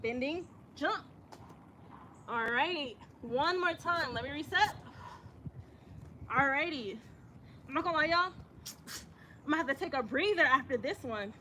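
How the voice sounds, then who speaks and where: Woman yoga teacher, high bright voice, chatty and encouraging, outdoors with faint ambience. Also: expressive, unhurried, long pauses, slight background noise. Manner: chatty, encouraging, says y'all a lot. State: out of breath at times. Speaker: yoga instructor. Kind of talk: guiding a yoga practice. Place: outdoors in the sun.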